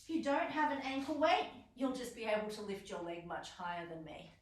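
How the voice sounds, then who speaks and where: High-voiced woman coaching a stretch class. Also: sing-song, a little fast, slight background noise. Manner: encouraging, counting reps and giving cues. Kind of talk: guided exercise class instruction. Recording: roomy echo, voice from far off.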